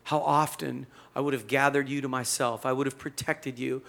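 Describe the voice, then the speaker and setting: A man preaching a sermon voices a grieving Jesus who weeps and pleads, speaking slowly and earnestly. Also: medium pitch, fairly even intonation, creaky, a bit bright, pitched below the performer's own voice. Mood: sorrowful. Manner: quoted in a sermon, slow and earnest.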